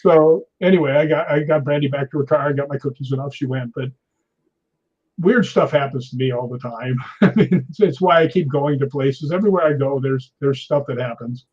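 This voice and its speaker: A middle-aged man telling a story in an interview, animated and acting out quoted lines. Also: mid-range voice, fairly quick. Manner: animated anecdote teller, acts out quotes. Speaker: stunt performer guest. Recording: dull lo-fi audio.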